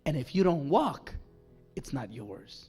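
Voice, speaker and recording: A male pastor preaching a sermon at a church service. He swings from hushed near-whispers to loud shouts, with long dramatic pauses. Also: mid-range voice, big pitch swings, slightly rough, faint music behind.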